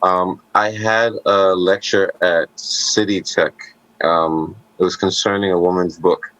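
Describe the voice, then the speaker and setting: A man co-hosting a podcast, telling stories in casual conversation with animated asides and jokes. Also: sits low, a little slow, dry recording, highs cut off. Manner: animated storytelling, joking asides.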